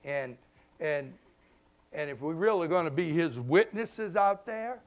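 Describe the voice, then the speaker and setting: High-voiced New preacher. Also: male voice, animated, measured pace. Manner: impassioned preaching that swings between loud emphasis and hushed asides; conversational, informal grammar and repeated phrases. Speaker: pastor. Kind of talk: sermon.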